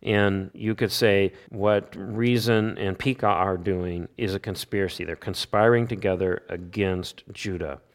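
A man's voice: deep voice, steady tone, a little slow, few pauses. A man giving an expository Bible teaching, stressing points by repeating key phrases and posing rhetorical questions that he then answers himself. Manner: emphatic, asks rhetorical questions and answers them.

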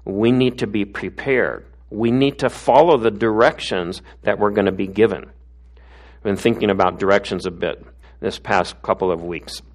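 Middle-aged man preaching, lowish voice. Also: moderate pace. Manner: conversational preaching with tag questions. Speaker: pastor. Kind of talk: sermon.

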